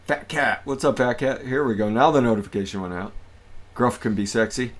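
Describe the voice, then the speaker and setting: A man's voice: mid-range voice, fairly quick. A man hosting a casual livestream, upbeat and greeting his viewers one by one. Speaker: livestream host.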